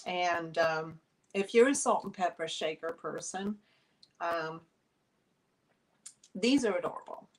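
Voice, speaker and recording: Unhurried New York woman selling vintage. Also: medium pitch, poor audio. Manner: chatty, friendly, many fillers. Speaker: online vintage seller. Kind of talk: live sale chat. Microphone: phone.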